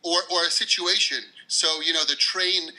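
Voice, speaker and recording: A man's voice: on the high side, fairly even intonation, moderate pace, bright, forceful tone, poor audio. A man with a New York City accent, a guest English teacher explaining words with friendly examples in a casual interview.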